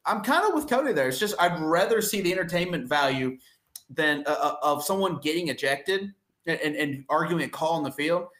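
A man's voice: fairly high pitch, animated, a little fast, a bit bright, roomy sound. A man co-hosting a sports podcast in casual chat, ranting in an exasperated way and often restarting his sentences.

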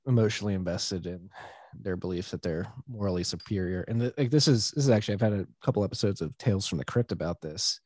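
A man co-hosting a podcast, chatting casually and explaining his views in an animated, opinionated way. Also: sits low, quick pace, no room sound. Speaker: podcast co-host. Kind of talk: casual conversational chat.

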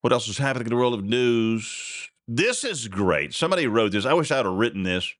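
Guy ranting solo on his podcast, pitch swings all over when he's fired up, dry close sound. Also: animated, fairly quick, a bit bright, dry recording. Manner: indignant, rambling, voice jumps up when outraged. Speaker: podcast host. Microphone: desk mic with a censor button.

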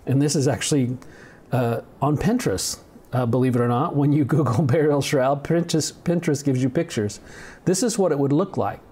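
A man's voice: medium pitch, brisk, warm tone, breathy edge. A male pastor giving a conversational sermon on video, reading scripture and adding humorous asides.

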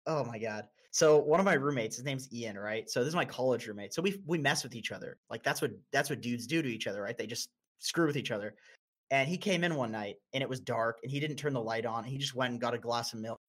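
A man in his twenties from North America, chatting casually as a podcast co-host and telling stories with lots of swearing and sudden high-pitched bursts. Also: quick pace. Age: 20s. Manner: animated, profane storyteller with sudden high-pitched outbursts. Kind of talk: casual chat.

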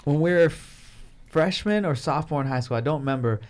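A man's voice: on the high side, fairly quick. A young man in casual chat, telling stories with lots of slang and swearing, now and then acting out his friends' lines in a raised voice. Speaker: podcast guest.

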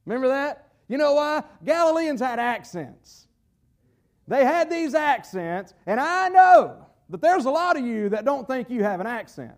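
A man's voice: very high voice, sing-song, a little slow. A man with a Southern US accent preaching a sermon in a folksy way, often repeating words as he searches for the phrasing. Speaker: pastor.

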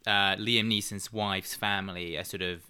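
A man's voice: fairly low pitch, steady tone, normal speed, sharp tone. A man co-hosting a film review chat, musing over the plot. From England. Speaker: podcast co-host.

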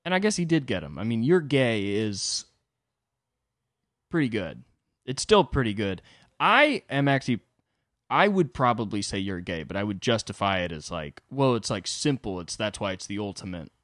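A young podcast host tells a comedic story on his own show, veering into rambling, profane asides. His fairly low voice has a bright tone and big pitch swings at normal speed, recorded close and dry with no room sound.

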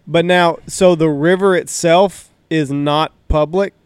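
A man co-hosting a hunting podcast throws in short questions and wry asides. His voice is a bit higher than most men's. It is recorded dry and close. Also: fairly even intonation, slow, clean tone, no echo. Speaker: podcast co-host. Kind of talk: casual chat.

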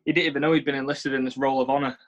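A young professional footballer from England, speaking with an English accent, answers interview questions earnestly as a guest, often repeating and restarting his words. His medium-pitched voice is level in tone and very fast, with the highs cut off.

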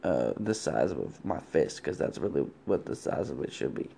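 A man puts on a rambling, slightly drunk middle-aged caller, drawling and loud. The voice has a gravelly, fried texture. It is an improvised comedy podcast bit. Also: very deep voice, sing-song, normal speed, pitched below the performer's own voice, heavily acted.

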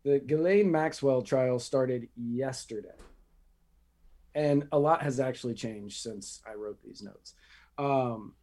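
This podcast co-host is a man with a mid-range, dark voice. Joking as he works through his notes, he keeps a casual news chat going in a chatty way.

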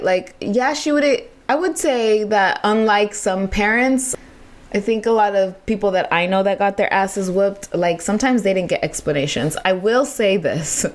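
A woman hosting a podcast, telling a personal story in casual, animated, profane talk with frequent laughter. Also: mid-range voice. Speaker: podcast host.

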